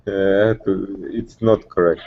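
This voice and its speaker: A man with a Russian accent, a student in an online English lesson, speaking haltingly with many restarts. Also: low voice, fairly even intonation, dull audio.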